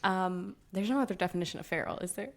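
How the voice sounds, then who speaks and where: A woman's voice: lowish voice, fast talker. A woman co-hosting a podcast in casual, playful banter, sounding stuffy. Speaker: podcast co-host. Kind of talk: casual chat.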